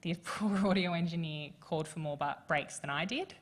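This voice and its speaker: This is a woman speaking on a festival panel, with a notably low voice. She talks candidly and with feeling, her thoughts running on with casual fillers. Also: moderate pace. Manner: frank and emotional, with many fillers and laughs. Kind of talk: candid conversational panel talk.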